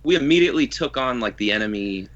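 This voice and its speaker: A man's voice: mid-range voice, animated, fast talker, fairly bright tone, lo-fi sound. A man co-hosting a casual podcast, chiming in with laid-back remarks. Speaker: podcast co-host. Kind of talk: casual chat.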